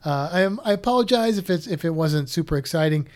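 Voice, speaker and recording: A man's voice: on the high side, lively intonation, fast, a little mellow. A man co-hosting a podcast in casual, rambling chat, often restarting his sentences. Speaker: podcast co-host.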